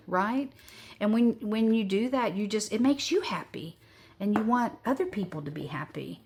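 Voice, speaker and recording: A woman's voice: mid-range voice, expressive, moderate pace, slight background noise. A woman of sixty chatting casually as she crafts at home, rambling and upbeat. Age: 60s. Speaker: crafting vlogger.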